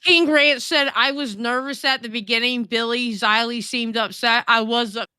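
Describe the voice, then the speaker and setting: A tipsy woman co-hosting a livestream, talking in a brash, crude way with constant swearing. Her voice sits high and sounds bright and sharp. It is recorded dry on a close mic. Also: steady tone, normal speed, clean tone, no echo. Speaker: livestream co-host. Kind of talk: casual livestream chat.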